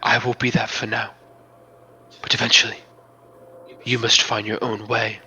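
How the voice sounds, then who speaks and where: A man voicing a serene, otherworldly female spirit guide, speaking softly and slowly in a hushed, half-whispered way. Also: medium pitch, flat delivery, breathy edge, exaggerated voice, low-quality recording. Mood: solemn.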